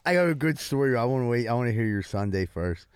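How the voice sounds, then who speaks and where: A man in a casual chat, telling an animated story and swearing freely. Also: medium pitch, fast talker, clean tone, dry recording, studio quality.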